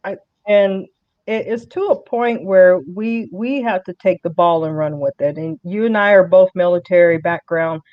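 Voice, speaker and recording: A woman's voice: lowish voice, moderate pace, dry recording. Earnest woman guest, dry muffled sound. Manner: earnest, repeats words when restarting. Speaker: podcast guest, political candidate. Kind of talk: casual political conversation.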